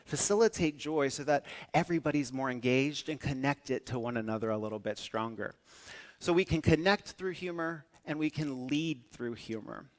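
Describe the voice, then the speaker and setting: A man giving a keynote talk, telling stories with lively acted-out quotes. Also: medium pitch, normal speed. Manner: animated storytelling with acted-out quotes. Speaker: public speaker.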